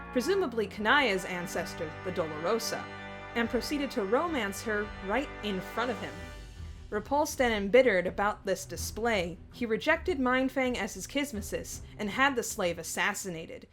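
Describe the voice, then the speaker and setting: A woman narrating scripted fandom facts with dry, teasing banter. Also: mid-range voice. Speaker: co-host of fandom facts video. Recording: music bed behind voice.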